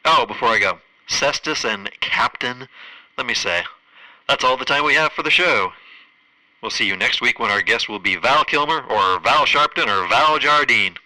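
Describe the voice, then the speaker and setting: A man hosting a comedy radio sketch, deadpan, sarcastic and exasperated. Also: medium pitch, moderate pace, no room sound, rough recording. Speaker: host.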